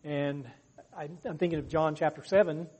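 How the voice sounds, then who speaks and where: A man's voice: a little high, fairly even intonation, normal speed, darkish tone, slight background noise. A man leading a Bible study discussion, talking earnestly and raising his voice to act out quoted lines. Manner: earnest, acts out quotes with raised voice. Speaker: discussion leader.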